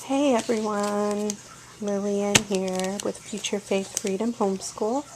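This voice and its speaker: A woman chats her way through a casual home vlog in her kitchen, meandering and explaining as she goes. Her voice sits at an ordinary middle pitch. A loud air-conditioner hum runs under the whole recording. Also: fairly even intonation, slow. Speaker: homeschooling mother and vlogger.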